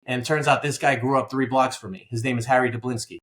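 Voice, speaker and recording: Animated New man telling stories. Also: medium pitch, fast. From Queens, New York. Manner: animated storyteller, acts out dialogue. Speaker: guest, business buyer. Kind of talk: conversational interview.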